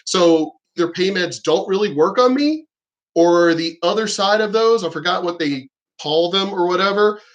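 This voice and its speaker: Rambling, profane middle-aged man. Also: high-pitched. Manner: rambling, profane, acts out what others said. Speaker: military veteran vlogger. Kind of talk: casual monologue to camera.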